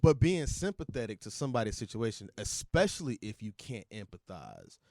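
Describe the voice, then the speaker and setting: A man's voice: lowish voice, sing-song, fairly quick, a little mellow, no echo, studio quality. Reflective man, podcast co-host. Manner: reflective, explains points step by step. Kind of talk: casual chat.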